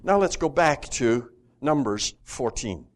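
A man leads a Bible study in a lively way, reading scripture aloud and asking the class questions. His voice is mid-range and slow.

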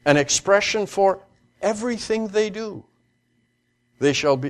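A man giving a classroom Bible lecture, halting with fillers and restarts, reading scripture aloud slowly with emphasis. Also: medium pitch.

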